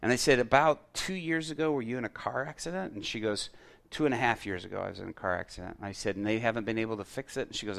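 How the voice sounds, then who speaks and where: A middle-aged man preaching, his voice sitting a little low. He tells a story in sermon style, acts out the dialogue, and rises loud and animated at the big moments. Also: quick pace, gravelly. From Chicago area. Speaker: pastor.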